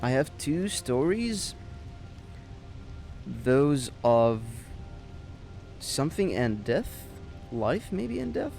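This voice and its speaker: Guy doing a let's play, gravelly voice, chatty, quiet game music behind. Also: mid-range voice. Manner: chatty, reads in-game text aloud. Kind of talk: casual gameplay commentary.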